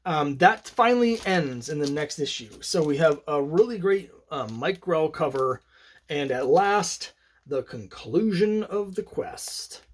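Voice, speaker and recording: Rambling opinionated man, fairly high voice. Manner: rambling, opinionated, many fillers and self-corrections. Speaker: comic collector showing his collection. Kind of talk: casual solo commentary.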